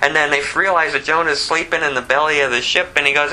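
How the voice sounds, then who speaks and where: A man preaching a verse-by-verse sermon, telling the story animatedly and swinging from loud to hushed. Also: fairly high pitch, fairly even intonation, quick pace, poor audio. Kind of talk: expository sermon.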